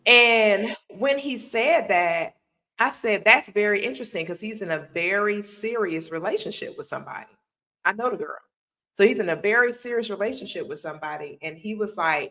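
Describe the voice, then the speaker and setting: A woman hosting a casual talk show, telling stories with lively acted-out quotes. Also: medium pitch, normal speed, poor audio. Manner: animated storyteller, acts out quotes. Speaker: host.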